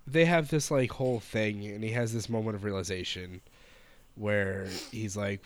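A man's voice: on the low side, moderate pace, no echo. Wry man in casual chat. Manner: wry, sarcastic asides. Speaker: podcast co-host.

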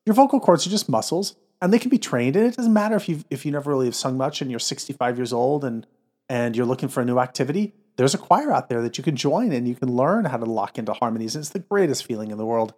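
Energetic, earnest man guest. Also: medium pitch, fast. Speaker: a cappella producer and arranger, guest. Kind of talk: enthusiastic interview talk.

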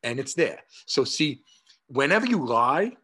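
A man in his sixties with a New York accent, speaking as a guest over a video call. His voice is bright and forceful. He tells stories with animation, acting out each side of a conversation between frequent "uh" fillers. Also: mid-range voice, measured pace, breathy edge. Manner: animated, acts out dialogue, many "uh" fillers. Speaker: guest, martial arts historian. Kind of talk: conversational storytelling.

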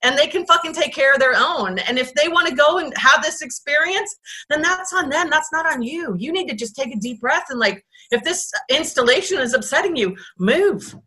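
Bright high-voiced woman telling stories. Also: lively intonation, moderate pace. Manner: laughing, swears freely, acts out quotes. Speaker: guest, former volunteer ranger. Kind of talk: casual storytelling.

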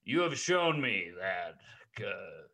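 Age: adult. Figure: a man putting on a boastful alien warlord villain. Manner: slow, ponderous, mock-solemn. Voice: dropped low, drawn out. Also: very animated, bright, forceful tone, full character voice. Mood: pompous.

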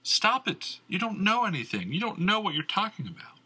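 A haunted, tense young heroine who snaps back defensively, as a male narrator voices her. Her voice is pitched far above his own yet keeps a husky grain. She is a character from a fantasy audiobook. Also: very animated, fairly quick, sharp tone, full character voice. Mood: angry. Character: Erica, young woman, anxious, haunted.

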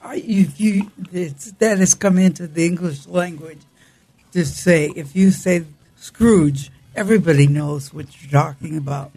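Gravelly, mellow-voiced agreeable man. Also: on the high side, a little slow. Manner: agreeable, supportive, chiming in. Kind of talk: casual chat about books.

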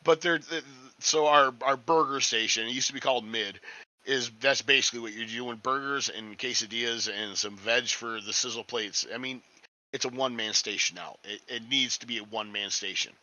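A man's voice: medium pitch, moderate pace, sharp tone, poor audio. A man chatting casually as a restaurant line cook, rambling, swearing a lot and sounding cocky. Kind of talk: casual podcast chat.

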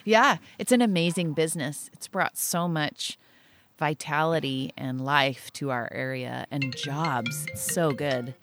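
A woman's voice: deep voice, a little slow, fairly bright tone, faint music behind. A middle-aged woman interviewing someone in a chatty, encouraging way, with frequent short affirmations. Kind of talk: casual interview.

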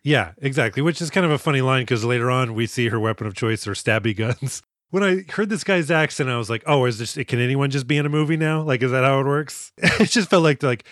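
Male podcast co-host, joking and animated, dry close sound. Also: medium pitch, brisk, no room sound. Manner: jokey, animated, does silly voices and sound effects. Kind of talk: casual movie review chat.

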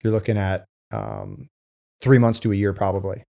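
A man with a fairly low voice talks through legal cases in a loose, halting way. He stops and restarts often and leans on fillers. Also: very animated, vocal fry, warm tone. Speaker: co-host with legal case experience. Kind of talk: casual discussion.

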